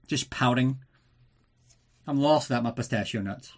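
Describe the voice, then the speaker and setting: A man's voice: mid-range voice, steady tone, moderate pace, pauses often. A man hosting a podcast, recapping a film in a casual, sarcastic way, swearing often and acting out the characters in jokey voices. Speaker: podcast host.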